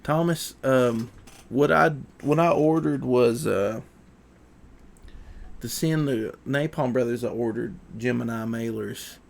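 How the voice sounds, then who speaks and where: Male streamer, rambling and relaxed, gravelly mid-pitched voice. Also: slow. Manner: rambling, relaxed, with fillers and folksy asides. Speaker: livestream host. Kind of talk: casual chat while packing orders.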